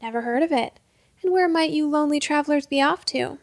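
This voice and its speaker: A woman's voice: high voice, a little fast, dry recording, clean studio sound, voice pushed up. A woman voicing a brawny, mocking male leader of a lumber crew, sly and teasing.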